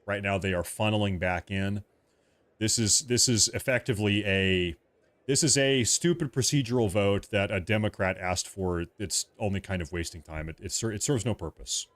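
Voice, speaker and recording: Low-voiced man calmly reassuring viewers. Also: normal speed, no room sound. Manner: repetitive, reassuring, clears throat often. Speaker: livestream host. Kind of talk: casual live commentary.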